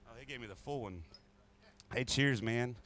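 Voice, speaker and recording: A man's voice: medium pitch, normal speed, a bit bright. A man who is a musician guest, drinking whiskey and chatting casually between songs in a rambling, crude, joking way.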